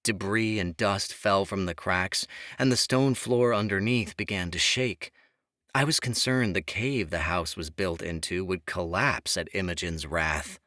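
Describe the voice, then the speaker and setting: A man narrating a fantasy audiobook in the first person, in an even, measured reading. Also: sits low, no room sound, studio quality.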